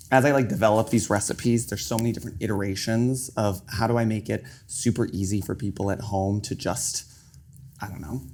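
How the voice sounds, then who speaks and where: Young new guy cooking and explaining stuff, lower voice, lots of likes and ums. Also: a little mellow, a little hiss or hum. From New York. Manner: chatty, explaining as he cooks, many fillers like "like" and "um". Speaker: chef and cookbook author guest. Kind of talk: casual chat while cooking.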